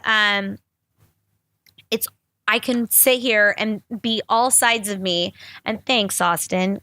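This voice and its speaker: A woman's voice: mid-range voice, takes it slowly, bright, forceful tone, no echo. A young adult woman hosting a podcast, talking candidly in a rambling, profane, emotional way. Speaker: podcast host. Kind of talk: candid solo podcast talk.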